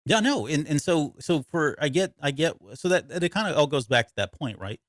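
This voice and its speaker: A man's voice: fairly high pitch, animated, fairly quick, no echo, clean studio sound. A man co-hosting a podcast in casual chat, rambling and self-interrupting, often laughing. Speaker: podcast co-host.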